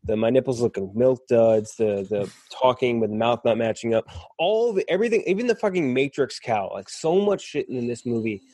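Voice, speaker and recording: A man's voice: mid-range voice, animated, fairly quick, warm tone, no room sound. A man co-hosting a casual podcast, emphatic and swearing freely. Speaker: podcast co-host. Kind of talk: casual chat.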